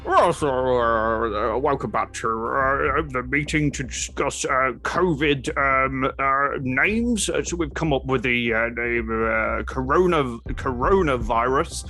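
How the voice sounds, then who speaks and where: A man's voice: mid-range voice, slow, sharp tone, soft background music, pitched below the performer's own voice. A man improvising a bumbling middle-aged male meeting chairman with a slipping Welsh lilt, full of uh and um and apologies. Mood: fumbling. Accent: drifting into a put-on Welsh lilt. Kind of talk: improvised comedy sketch.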